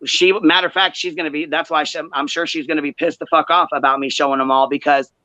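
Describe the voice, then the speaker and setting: A woman hosting a livestream, telling a heated story in profane, animated detail and acting out quoted chats. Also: sits low, quick pace, dry recording. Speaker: livestream host. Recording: dull lo-fi livestream audio.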